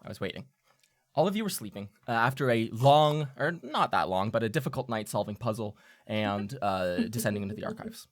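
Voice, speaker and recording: A man's voice: lowish voice, expressive, a little fast, no room sound, studio quality. A man running a tabletop game as game master, narrating scenes in a loose, rambling way with small fillers.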